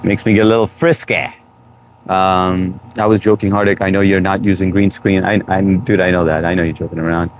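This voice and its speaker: A man's voice: low voice, little pitch movement, a little fast, a little hiss or hum. Jokey man hosting a live stream. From United States. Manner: jokey, greets viewers by name. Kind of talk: casual live-stream chat reading comments. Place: home room, New York.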